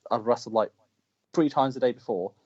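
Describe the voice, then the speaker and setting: British male wrestler, rapid animated storyteller, dull low-fi recording. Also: slightly rough. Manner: animated, shouts quoted lines mid-story. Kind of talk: casual storytelling chat. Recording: dull lo-fi call audio.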